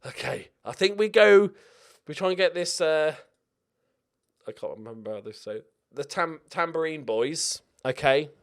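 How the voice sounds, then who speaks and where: A young man talks himself through a video game in excitable, sweary let's-play commentary. His voice sits slightly high for a man. It leaps around all over the place as he jokes and reacts. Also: measured pace. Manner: excitable, sweary, jokey self-talk.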